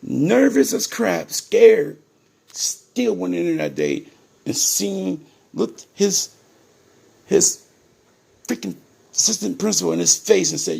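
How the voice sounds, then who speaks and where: A man's voice: sits high, slow pace, gravelly, long pauses, darkish tone, breathy edge. A middle-aged man from Ohio talking straight to his viewers as "people", emphatic and repetitive, retelling how his family's case was handled. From Ohio, USA. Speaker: parent telling his story to viewers. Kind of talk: casual direct-to-camera monologue.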